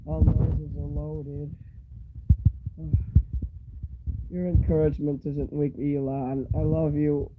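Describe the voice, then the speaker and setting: A man in his fifties with a hoarse, fading voice and a stuffy nose, rambling candidly to his viewers in a casual live-stream chat. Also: fairly high pitch, flat delivery, slow pace, long pauses, narrow, tinny audio, very noisy. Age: 50s.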